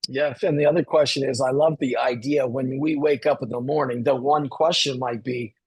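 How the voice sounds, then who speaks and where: A man's voice: medium pitch, fairly even intonation, normal speed, breathy edge. A man hosting a panel on a video call, asking loose, rambling questions. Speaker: panel host.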